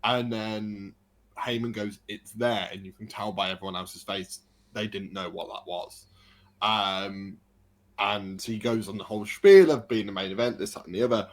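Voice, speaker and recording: A man, a podcast co-host telling an excited story in casual chat. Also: fairly low pitch, moderate pace. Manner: excited storytelling, animated retelling.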